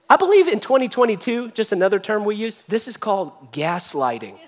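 A male pastor preaches to his church. He tells the story in an animated, joking way and slips into voices. His voice sits fairly high for a man. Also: brisk, hardly any pauses. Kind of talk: sermon.

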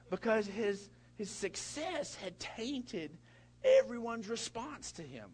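A middle-aged man preaching a sermon in a folksy way, with big swings in pitch and loudness and many repeated words. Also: big pitch swings, slow, slight background noise. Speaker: pastor.

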